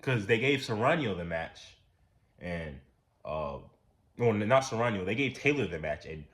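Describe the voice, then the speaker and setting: A man giving a casual, profane, ranting commentary, repeating himself and getting louder when worked up. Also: lowish voice, normal speed. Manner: animated, repetitive, profane, rising to near-shouts when worked up. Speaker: commentary channel host.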